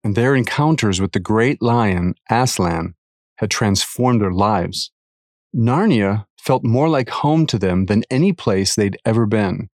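A man reading a devotional article aloud, earnest and measured, with careful emphasis. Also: on the low side, expressive, a little mellow, dry recording, clean studio sound.

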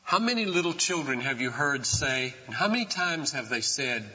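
A man's voice: mid-range voice, big pitch swings, normal speed, in a large hall, lo-fi sound. Impassioned male pastor preaching. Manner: impassioned preaching, swings from soft to loud. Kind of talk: sermon.

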